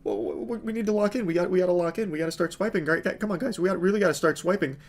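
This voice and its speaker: A man's voice: sits high, very fast. A man doing a mocking impression of a timid, nervous male sidekick who stammers. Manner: stammering, hesitant.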